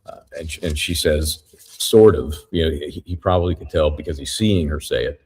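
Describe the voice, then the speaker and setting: A man giving a live courtroom recap as a trial reporter, retelling events in a halting, methodical way. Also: very deep voice, a little mellow, a little hiss or hum.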